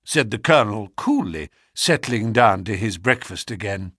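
A man narrating a story in a measured, expressive reading voice on a close mic. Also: lowish voice, husky, no echo.

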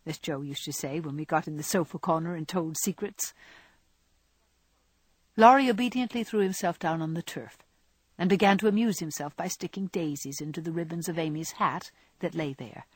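A woman narrating a classic novel as an audiobook, measured and expressive. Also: deep voice, husky, no room sound.

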